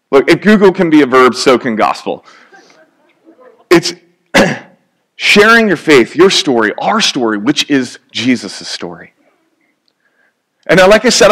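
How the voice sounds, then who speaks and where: Male preacher, chatty sermon delivery, slightly higher pitch. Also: fairly bright tone. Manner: conversational, joking, acts out little scenes.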